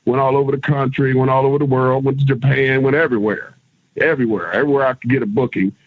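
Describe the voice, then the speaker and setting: A middle-aged man, a former pro wrestler, telling road stories as an interview guest in a loose, animated way. He acts out what others said and swears casually. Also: mid-range voice, quick pace, no room sound. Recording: tinny phone-line sound.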